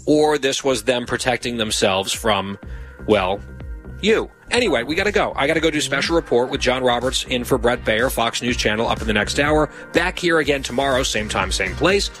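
A man's voice: mid-range voice, animated, normal speed, fairly bright tone, faint music behind. A man hosting a radio talk show, chatting casually and teasing his co-host in a dry way. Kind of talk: casual chat.

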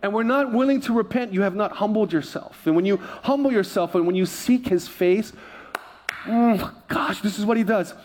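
A high-pitched male pastor delivers a sermon, drifting into animated, self-mocking stories and laughing along with them. A faint room ambience sits behind his voice. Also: moderate pace, a little hiss or hum. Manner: animated storyteller, self-deprecating, laughing often.

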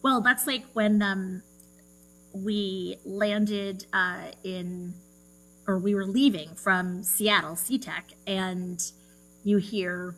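A woman's voice: mid-range voice, fairly even intonation, extremely slow, fairly bright tone, low-quality recording. A woman co-hosting a podcast, chatting in a bubbly, teasing way with lots of 'like'. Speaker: podcast co-host. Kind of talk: casual chat.

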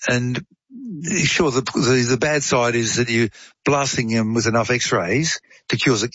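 A man's voice: medium pitch, steady tone, a little slow, fairly bright tone, no echo. Male explainer, chatty, dry muffled studio sound, analogy-heavy storyteller. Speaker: science explainer on a talk show. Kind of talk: casual chat, storytelling explanation.

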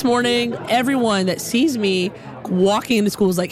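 A woman telling a personal story in an animated, reflective way, with many "like" fillers. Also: on the high side, moderate pace, crowd noise. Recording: music playing behind.

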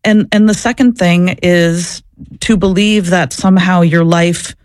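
A woman's voice: on the low side, fairly even intonation, a little slow, no room sound, studio quality. A woman and former social worker answering interview questions, telling her story in an earnest, reflective way. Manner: earnest, reflective, searching for words.

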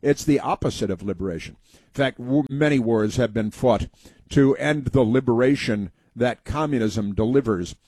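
A man's voice: mid-range voice, normal speed, darkish tone, dry recording. A man hosting a talk radio show, telling a rambling story in a folksy way with many fillers and restarts. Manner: folksy storytelling, acting out quoted voices.

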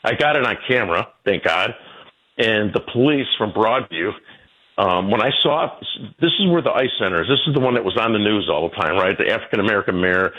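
A man's voice: expressive, brisk, sharp tone. Rambling older man on muffled radio. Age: 60s. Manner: rambling, repeats words, quotes people in a high voice. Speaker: radio show guest. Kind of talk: casual radio conversation.

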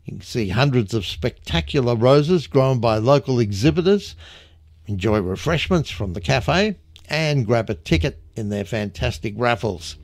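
A man's voice: mid-range voice, expressive, normal speed, dry recording, studio quality. An Australian man presenting a local radio show and reading a community announcement in a friendly, chatty way. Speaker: radio host. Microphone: studio microphone.

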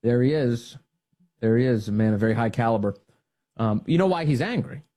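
A man's voice: mid-range voice, animated, brisk, background noise. A man hosting a radio talk show, giving scornful, mocking political commentary and laughing at his targets.

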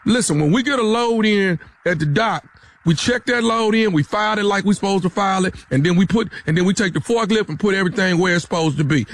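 A man's voice: sits high, fast talker. A man on a radio show making a prank call, provoking and stammering in a mock-serious tone.

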